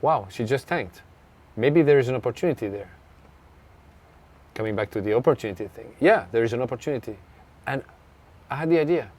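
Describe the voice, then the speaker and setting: A man's voice: medium pitch, expressive, fairly quick, long pauses, darkish tone. A man with a French accent, a tennis coach telling a story in an interview, earnest and reflective. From France. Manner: earnest, reflective, acts out remembered dialogue.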